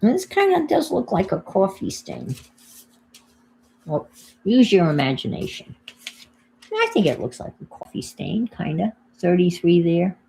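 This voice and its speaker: Unhurried older woman with New York accent. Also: fairly low pitch, wildly swooping pitch, vocal fry, mellow, slight background noise. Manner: chatty, thinks aloud while working, greets viewers. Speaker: crafting livestream host. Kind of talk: casual crafting livestream chat.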